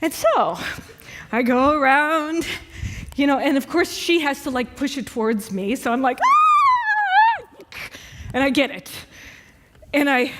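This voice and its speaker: Woman minister, animated storyteller, high voice, long hall reverb. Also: normal speed, long pauses, background noise. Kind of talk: sermon. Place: church hall.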